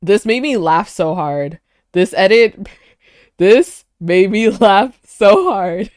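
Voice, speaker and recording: A woman streamer chats casually over clips she is reacting to, excitable and laughing often. Her pitch swings up and down a lot and she takes her time with the words. The sound is dry and close, with no room echo. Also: takes it slowly.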